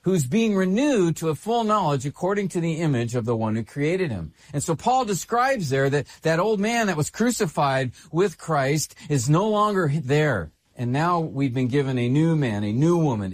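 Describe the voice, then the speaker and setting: Male pastor, sermon delivery, animated intonation, repeats key phrases. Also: a little high. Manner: expressive preaching, repeats phrases for emphasis.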